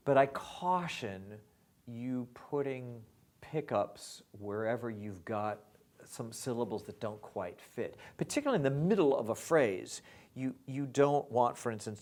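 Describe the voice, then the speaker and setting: A middle-aged man teaching lyric scansion in an online lesson, with halting restarts, dry asides and rhythms spoken aloud. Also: mid-range voice, a little mellow.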